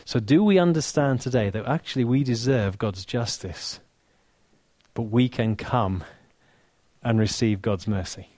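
English guy preaching, earnest, goes soft and hushed on the big lines, dry close mic. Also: medium pitch, a little slow, dry recording. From England. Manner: earnest, softening to near-whisper on key lines, dry humor. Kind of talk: sermon.

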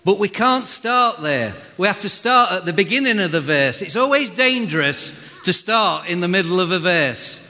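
Preacher, bright higher voice, slow delivery, booming church hall. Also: male voice, expressive. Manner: chatty, jokey, talks straight to the congregation. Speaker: pastor. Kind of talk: sermon. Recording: reverberant hall.

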